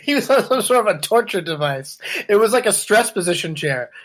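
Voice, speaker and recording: A man's voice: high-pitched, very animated, brisk, fairly bright tone. A man co-hosting a podcast, chatting casually and sarcastically about politics over a webcam. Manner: riffing, sarcastic, puts on quoted voices. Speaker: podcast co-host.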